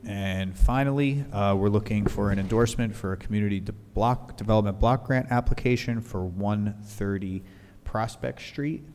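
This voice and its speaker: A man's voice: lowish voice, moderate pace, a little mellow. A man presenting agenda items at a village council work session in a matter-of-fact way, with frequent fillers. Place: council meeting hall. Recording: reverberant hall with faint noise.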